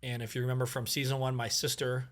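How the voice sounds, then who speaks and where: A man at a mid pitch tells a long family story on a podcast. He keeps it casual and animated, with fillers and restarts throughout. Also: fast talker. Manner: animated, acts out quoted dialogue, many fillers. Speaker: podcast guest.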